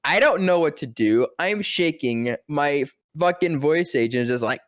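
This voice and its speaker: A young man tells a story with excitement, jumping into different voices as he quotes people. He swears casually, and his voice sounds dry and close to the mic. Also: a little high, normal speed, hardly any pauses, no room sound. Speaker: voice actor guest. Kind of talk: animated storytelling interview.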